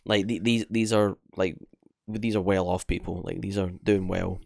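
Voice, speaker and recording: A man's voice: deep voice, moderate pace, creaky, no room sound, clean studio sound. Scottish young man telling stories animatedly. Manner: animated storytelling, lots of swearing and restarts. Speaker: podcast co-host. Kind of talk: casual chat.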